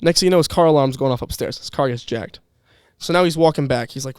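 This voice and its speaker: A man's voice: fairly high pitch, brisk, few pauses, clear, resonant tone, no room sound, studio quality. A young man chatting casually on a podcast, telling rambling stories with restarts and laughs. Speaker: podcast guest, former employee. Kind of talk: casual chat.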